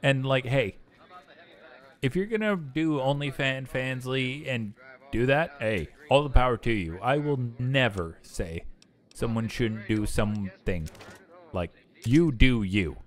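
A man's voice: mid-range voice, a little slow. A young man chatting casually and bluntly with profanity while streaming a game. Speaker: gaming streamer. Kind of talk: casual chat while gaming.

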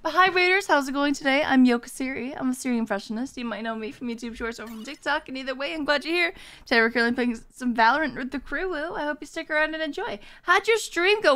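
A woman's voice: high voice, fast talker, a bit bright. A woman streamer chatting with her viewers, bubbly as she reads and thanks the chat.

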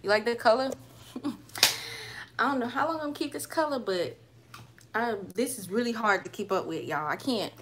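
Against a noisy background, a young woman with a fairly high voice and a Southern accent from the Carolinas reads viewer comments on her home livestream. She keeps a moderate pace, pauses often, and chats loosely as a hair vlogger, trailing off with fillers.

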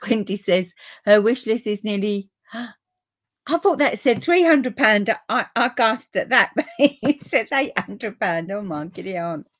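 A middle-aged woman with a British accent hosting a relaxed live papercraft stream, chatting to viewers and easily delighted. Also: a little high, takes it slowly. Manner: chatty and easily delighted, with frequent gasps and laughs.

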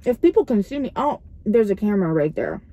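A woman's voice: mid-range voice, sing-song, brisk, warm tone. A young woman vlogging from inside her parked car, chatting casually in a rambling, giggly way that startles easily. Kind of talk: casual vlog chat.

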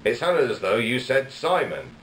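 A man's voice: medium pitch, big pitch swings, moderate pace, fairly bright tone, a little hiss or hum. A man vlogging in a dry, sardonic comic monologue. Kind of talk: comedic monologue vlog. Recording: echoey room with faint ambience.

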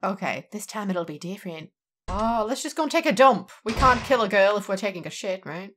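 A young adult woman giving jokey, excitable and profane commentary while she plays a game. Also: mid-range voice, a little fast, slight background noise. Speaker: let's play gamer. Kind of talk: casual gameplay commentary.

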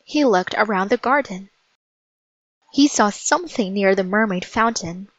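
A woman narrates a children's storybook at an unhurried, careful pace. Her voice sits at an ordinary middle pitch. The recording is dry, with a slightly dull, muffled top end. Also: animated, no echo. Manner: slow, deliberate storytelling. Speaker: storybook reader. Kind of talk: read-aloud children's narration.

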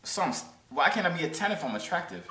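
A man's voice: fairly high pitch, very animated, fast talker, a crowd in the background. A young man in his twenties, a YouTuber chatting and joking playfully with strangers on a video call. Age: 20s. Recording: roomy echoey sound.

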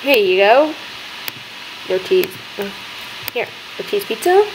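A young woman hosting a gaming video, chattering excitedly as she plays and talking to the characters on screen. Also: medium pitch, slow, noisy background. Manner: excitable, gasping, talks to game characters. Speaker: gaming channel host. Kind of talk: let's-play commentary.

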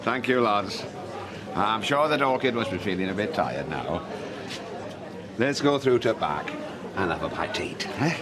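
A pompous older pub landlord. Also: male voice, fairly low pitch, animated, measured pace, long pauses, a crowd in the background. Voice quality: grandiose, repetitive phrasing. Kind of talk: TV soap drama acting.

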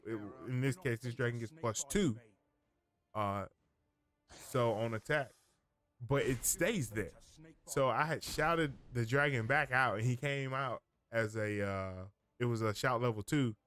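A man's voice: medium pitch, fairly bright tone. Guy streaming a card game, just talking through his plays, rambly and self-correcting. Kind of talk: casual gameplay commentary.

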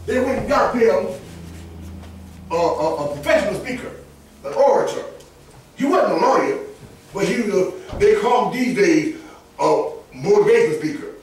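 A high-voiced preacher, his pitch swooping lively from low asides to ringing peaks as he drives each point home. He preaches with emphatic force, sometimes rising to a shout. The sound is heavily echoing, picked up by a mic set far off in a church sanctuary. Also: normal speed, long pauses, slight background noise. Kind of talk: sermon.

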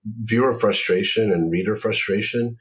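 Deep-voiced man, thoughtful, measured. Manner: thoughtful, measured, frequent ums. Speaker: author and series creator. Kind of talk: casual discussion.

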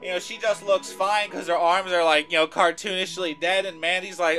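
A chatty man narrating a made-up scenario in a high, bright voice. He fills the story with casual asides and fillers, with faint music playing underneath. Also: level tone, moderate pace, hardly any pauses. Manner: chatty, playful, full of fillers. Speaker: YouTuber narrating a fan-made game scenario.

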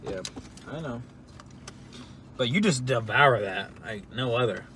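A man's voice: mid-range voice, lively intonation, measured pace, sharp tone, a little hiss or hum. Laid-back young man chatting over food. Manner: easygoing, laughing, rambling. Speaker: podcast co-host doing a food review. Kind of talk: casual chat while eating. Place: inside a parked car.

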